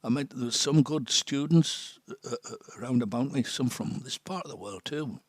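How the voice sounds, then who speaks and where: A man in his seventies from Sunderland, England, speaks with a North East English accent in a medium-pitched, slightly rough voice at normal speed, recorded with no room sound. A missionary priest, he tells stories in a casual, chatty way, laughing often and dropping to a near whisper on serious points.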